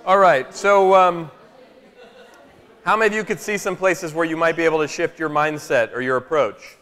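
A man telling a family story to a live workshop audience in an animated, chatty way, often asking "right?". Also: on the high side, moderate pace. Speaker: speaker at a workshop. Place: large room with a live audience. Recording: long echo of a large hall.

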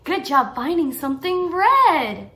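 A young woman teaching toddlers in a learning video, talking slowly and encouragingly in a sing-song way with delighted gasps. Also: high-pitched, very animated, pushed and bright, a little hiss or hum. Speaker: children's teacher.

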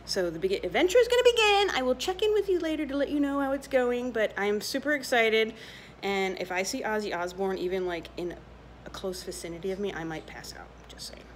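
A woman vlogging on a handheld camera, gushing, swearing and exclaiming with excitement. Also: mid-range voice, a little fast, a little hiss or hum. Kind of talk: excited travel vlog. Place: hotel room, restaurant, outdoors.

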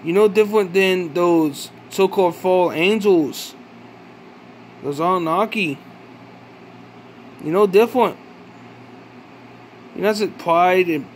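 A man giving an angry, profane vlog rant, accusing and questioning with halting restarts. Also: high voice, slight background noise. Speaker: vlogger. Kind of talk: angry ranting monologue.

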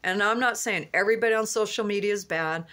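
A woman's voice: medium pitch, fast talker, bright, forceful tone. A woman vlogger sits in a car and delivers a fervent religious monologue. She talks earnestly and rambles, often restarting with "you know.". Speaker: Christian vlogger.

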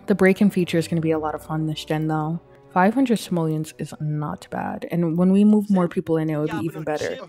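A young woman casually narrating her life-simulation game, chatting and putting quick voices on the characters. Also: sits low, mellow, faint music behind. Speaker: let's play gamer. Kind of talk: casual gameplay commentary.

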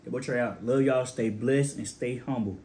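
A man's voice: mid-range voice, normal speed, heavy background noise. A young man hosting his own casual cooking vlog, laid-back and talking straight to his viewers while he tastes his food. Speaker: cooking vlogger.

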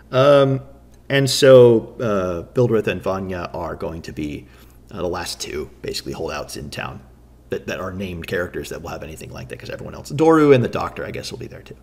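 A man's voice: fairly low pitch, slightly rough. A man who runs a tabletop game, talking through his campaign prep and thinking aloud with many restarts. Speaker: game master. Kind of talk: solo talk on campaign prep.

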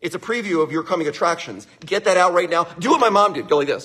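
A man's voice: high-pitched, lively intonation, fairly quick, few pauses, sharp tone, husky. A man who owns a winery giving an enthusiastic, repetitive motivational talk, laughing often.

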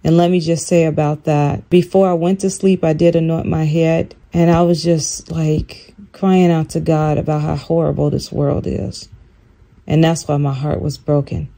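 An older woman recounting a dream in casual storytelling, animated and acting out quoted lines in a higher voice. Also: moderate pace. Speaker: channel host.

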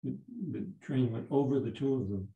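A man in his seventies, a Zen teacher giving a dharma talk, telling a story in a halting way with many restarts. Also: mid-range voice, dark tone. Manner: halting, repeats words and restarts. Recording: roomy echo.

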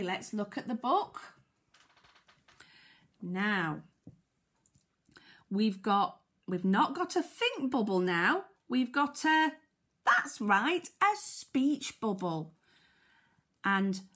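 A woman's voice: on the high side, fairly bright tone. Sing-song British woman teacher reading aloud. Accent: British English. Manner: slow, sing-song, sounds out letters, asks children questions. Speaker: primary school teacher. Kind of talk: reading a picture book to young children.

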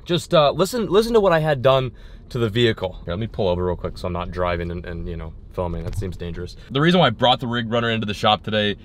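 A young man vlogging a fishing trip in casual chat, who gets loud and excited when fish bite. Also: fairly low pitch, quick pace. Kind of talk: casual vlog narration. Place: outdoors at city ponds, later in a car.

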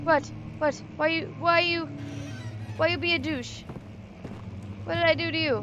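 Jumpy, high-voiced young woman gamer. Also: gravelly, muffled recording. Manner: jumpy, swears, talks back to the game. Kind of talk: casual gameplay commentary. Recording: noisy recording.

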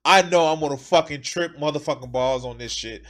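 High-voiced man ranting profanely. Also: fairly quick, fairly bright tone. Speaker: streamer. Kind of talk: live reaction commentary.

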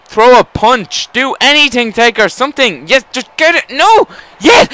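Young male gamer, high bright voice, swings wildly from groans to yells, frequent swearing; live play commentary. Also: normal speed, hardly any pauses. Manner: excitable, swears and shouts at the game. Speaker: gamer commentating his own match.

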